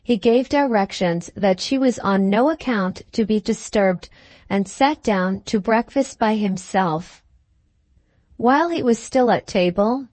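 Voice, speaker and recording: A woman narrating a Victorian novel as an audiobook in a measured, even storytelling manner. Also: medium pitch, no room sound.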